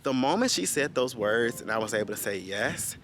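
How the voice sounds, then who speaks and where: A man's voice: medium pitch, animated, brisk, fairly bright tone, slight background noise. A young man vlogging, telling a personal story in a casual way and speaking straight to his viewers. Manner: talks straight to viewers, calls them guys.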